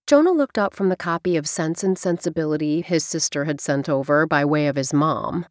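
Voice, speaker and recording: A woman narrating an audiobook in a warm, conversational way. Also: sits low, brisk, hardly any pauses, dry recording, studio quality.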